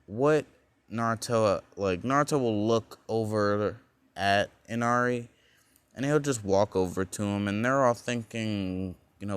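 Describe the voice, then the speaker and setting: A man's voice: fairly low pitch, measured pace, clear, resonant tone. A young man casually telling a fan-made alternate story, rambling along with lots of fillers and frequent self-corrections.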